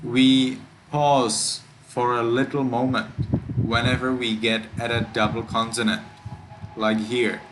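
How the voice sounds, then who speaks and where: Slow, careful monk teaching chanting. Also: male voice, mid-range voice, flat delivery, noisy background. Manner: slow, careful, demonstrates words by drawing them out.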